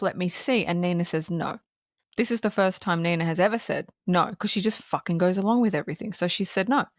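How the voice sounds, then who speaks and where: A woman's voice: mid-range voice, fairly bright tone, no echo, clean studio sound. A woman co-hosting a film review podcast, chatting casually, swearing a lot and acting out lines from the film. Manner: swears freely, acts out quotes, laughs often. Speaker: podcast co-host.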